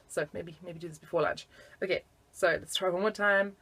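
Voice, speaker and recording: A woman's voice: fairly low pitch, steady tone, brisk, a bit bright, slightly rough. A woman teaching flute in a casual video lesson, chatty and giggly with self-deprecating asides.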